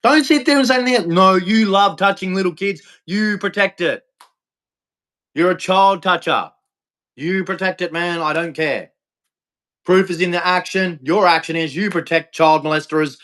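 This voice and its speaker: A man's voice: high voice, fairly even intonation, a little slow, fairly bright tone. A man ranting angrily on a live stream, profane and repetitive, hammering the same points over and over.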